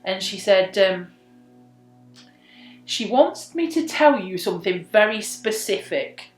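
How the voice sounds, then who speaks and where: A young woman telling a true story in casual chat, drops soft and breathy for quoted lines. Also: mid-range voice, expressive, slow, soft background music. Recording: echoey room.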